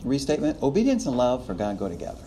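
Lively man teaching a class. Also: medium pitch, fast talker, a little hiss or hum. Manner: lively, chuckles often, acts out quotes. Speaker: preaching instructor. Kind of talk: classroom lecture.

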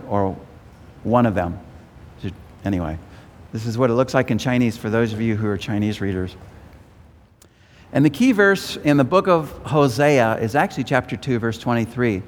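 Male preacher in an echoing hall. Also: medium pitch. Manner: animated, pausing, repeats words while thinking. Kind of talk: expository sermon on Hosea. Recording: long reverb of a large hall.

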